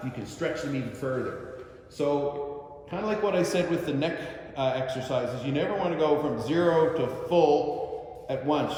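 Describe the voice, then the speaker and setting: A man teaching karate stretches, explaining each step calmly and counting slowly through the holds. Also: on the high side. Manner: calm step-by-step coaching, counts slowly while holding a stretch. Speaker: karate instructor. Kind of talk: instructional demonstration. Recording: very echoey long-reverb room.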